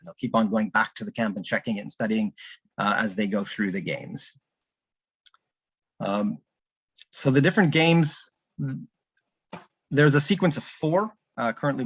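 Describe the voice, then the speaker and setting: A man's voice: mid-range voice, a bit bright, breathy edge, dry recording, dull audio. A man giving a casual online presentation of a learning app, thinking aloud with frequent ums and restarts. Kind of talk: live online conference presentation.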